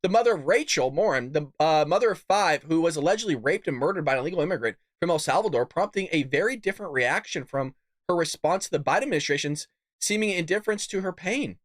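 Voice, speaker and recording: A man's voice: a little high, animated, quick pace, dry recording. A man hosting a political podcast, ranting angrily and swearing, sometimes mocking opponents in a put-on voice. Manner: angry, profane ranting. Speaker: podcast host. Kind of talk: political rant.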